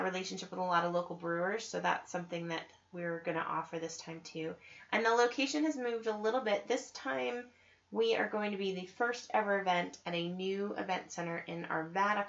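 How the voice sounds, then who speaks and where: A woman's voice: fairly low pitch, fairly bright tone. A woman hosting a knitting podcast, talking in a chatty, enthusiastic way with plenty of ums and asides. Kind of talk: casual podcast chat. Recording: slightly dull lo-fi audio.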